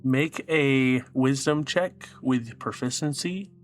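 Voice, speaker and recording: A man acts as game master for a space adventure, laying out each scene in an unhurried, descriptive way. His voice sits at an ordinary middle pitch and he talks slowly. Soft music plays behind him. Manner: steady, descriptive narration with easy laughs. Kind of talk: narrating a tabletop space adventure.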